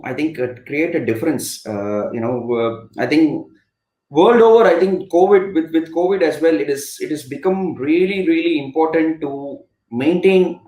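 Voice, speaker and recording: A man's voice: a little high, darkish tone. A middle-aged man with an Indian English accent, a former cricketer telling stories as a guest in a live online interview, rambling with many fillers and restarts. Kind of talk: conversational storytelling on a live web interview. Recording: roomy echo.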